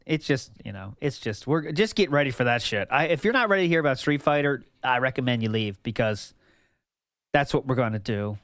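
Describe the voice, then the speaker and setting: A man's voice: mid-range voice, lively intonation, fairly quick, a bit bright, no echo, clean studio sound. A man streaming casually, rambling and laughing as he reacts to old clips for chat. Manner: rambling, laughs often, jumps between topics.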